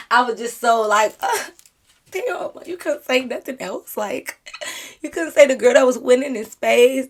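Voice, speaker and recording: A young woman tells a storytime straight to her viewers in a chatty vlog. She is animated and dramatic, and she laughs often as she goes. Her pitch sits in a middle range. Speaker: vlogger. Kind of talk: casual storytime chat.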